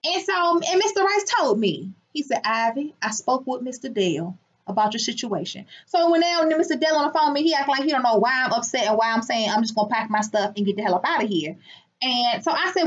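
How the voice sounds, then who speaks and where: A woman telling a story in a casual vlog from her clinic, indignant and animated, acting out the people she quotes. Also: sits high, fast talker. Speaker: business owner and healer. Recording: muffled lo-fi sound.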